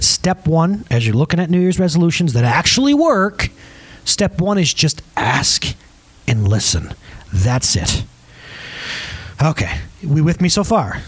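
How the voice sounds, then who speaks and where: A man pastor in his thirties preaching a conversational, emphatic sermon with audience asides and a slightly husky voice. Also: fairly high pitch.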